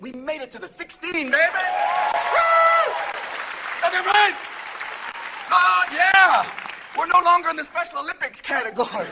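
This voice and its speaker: Male stand-up comic, manic and shouty, high bright voice, live show with faint audience noise. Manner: manic, rapid voice switching, shouting bursts. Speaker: stand-up comedian. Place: live comedy stage with laughing audience. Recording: live show audio with crowd laughter.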